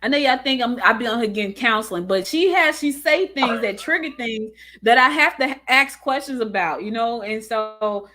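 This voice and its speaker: A woman's voice: on the high side, moderate pace, few pauses. A woman hosting a talk show, chatting casually and telling stories with lots of laughter. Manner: laughing, animated storytelling. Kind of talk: casual chat.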